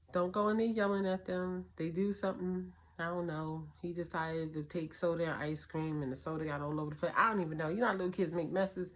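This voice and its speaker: A middle-aged woman hosting a casual advice talk for single mothers, telling stories and acting out her kids' voices and her own. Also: low-pitched. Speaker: host.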